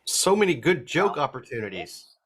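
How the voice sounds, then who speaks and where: A man's voice: a little high, sing-song. A man hosting a show who makes joking asides while watching a video. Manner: joking asides, quick quips. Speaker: host commenting on a video. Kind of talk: casual commentary over playback. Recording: loud background chatter and noise.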